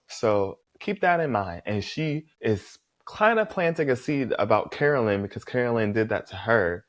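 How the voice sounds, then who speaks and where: A man recapping a reality competition episode in a sassy, animated, chatty way, swearing freely and calling people "girl". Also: fairly low pitch. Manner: chatty, talks straight to the viewer, fillers like "girl" and "like". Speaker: reality show contestant recapping his season.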